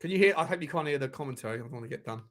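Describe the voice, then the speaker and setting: A man hosting a live football watchalong, reacting as a partisan fan with excitable shouting, swearing and a chesty cough. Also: medium pitch, very fast, slight background noise. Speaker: fan channel host.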